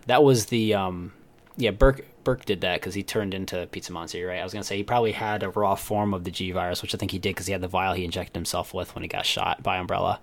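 Lower-voiced rambling podcast guy. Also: fairly even intonation, quick pace, creaky. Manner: rambling, loses his train of thought. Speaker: podcast co-host. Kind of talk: casual chat.

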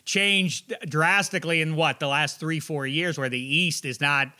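A man hosting casual sports talk, asking questions with lots of restarts and animated asides. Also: a little high, a little slow.

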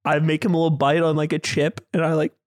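Young man, high voice, podcast co-host, rambling chat, dry sound. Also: flat delivery, fast talker, dry recording. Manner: rambling, laughing, restarts. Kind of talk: casual chat.

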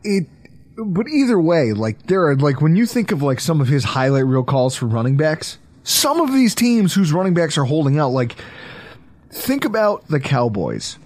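A man hosting a casual sports podcast, joking and talking in quick asides. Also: a little high, big pitch swings, darkish tone, no echo. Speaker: podcast host.

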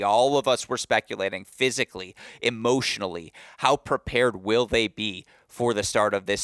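Recapping matches for his sports podcast, a man with a fairly low pitch and clean tone sounds eager, though his voice is slightly worn after a long day. He grows loud and excited while storytelling, and the studio-quality recording is dry.

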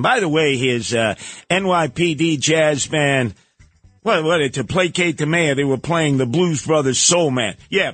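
A man's voice: on the high side, fairly bright tone. A man hosting a radio talk show, delivering an opinionated, sarcastic and combative monologue.

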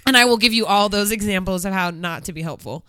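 A young woman in casual podcast chat, her bright, crisp voice recorded close and dry. She tells stories with animation, acting out what people said and swearing freely along the way. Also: medium pitch, fast, dry recording. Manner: animated storyteller, acts out quotes, swears freely. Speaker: podcast host. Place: Los Angeles area.

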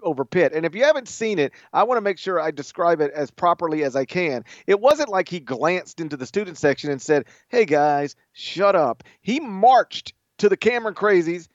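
A man hosting a late-night sports podcast, telling stories with lively acted-out quotes. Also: high voice, moderate pace, hardly any pauses, dry recording, lo-fi sound. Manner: animated storytelling, acts out quotes with shouts. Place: studio.

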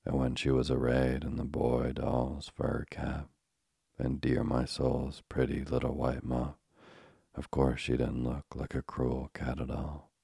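A man voicing a dramatic little female mouse who tells a tale, in a slow, solemn way. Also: very deep voice, completely flat delivery, vocal fry, dark tone, husky, no room sound, studio quality, exaggerated voice.

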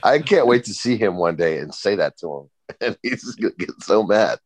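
A man with a very low voice co-hosting a sports podcast, trading quick jokes. The sound is dry and close-miked. He talks in easy, casual banter. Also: animated, breathy edge, no room sound. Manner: quick joking banter with frequent laughs. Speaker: podcast co-host.

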